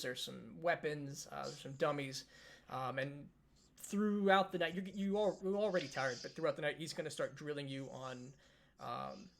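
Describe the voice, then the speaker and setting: Casting: man running a tabletop game, slightly high voice with a gravelly edge. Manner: casual, many fillers, relaxed. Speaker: game master.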